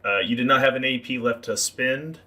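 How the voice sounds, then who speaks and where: A man acting as game master, narrating a tabletop game and explaining rules with relaxed fillers. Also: medium pitch, fairly quick, over a noisy crowd.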